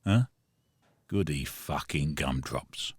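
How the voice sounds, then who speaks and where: A man's voice: very deep voice, slow, husky, no room sound, heavily acted. A man from London playing a crude, sardonic Cockney gangster announcer in a scripted comic promo read, in a Cockney accent.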